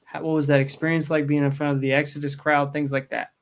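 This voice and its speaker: Male podcast host, slightly high voice, hesitant loose questions. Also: level tone, fast talker, gravelly. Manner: hesitant, loose phrasing with restarts. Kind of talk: casual interview questions.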